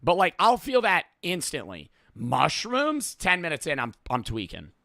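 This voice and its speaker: A man in his twenties rambling through profane, lively stories and reactions as a streamer. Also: on the high side, measured pace, creaky, no room sound, studio quality. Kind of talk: casual reaction commentary.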